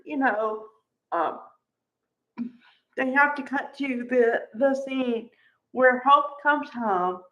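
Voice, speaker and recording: A woman's voice: fairly high pitch, a bit bright, lo-fi sound. A woman recapping a soap opera in a casual, gushing chat, her talk full of "like". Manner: gushing, chatty, peppered with "like".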